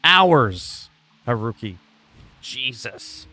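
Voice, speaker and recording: A man from Canada talks through a livestream in a loose, chatty way. He rambles from one thought to the next and greets viewers by name. His voice sits at a middle pitch, with faint game music playing behind him. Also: big pitch swings, extremely slow, pushed and bright, no echo. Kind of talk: casual gameplay chat.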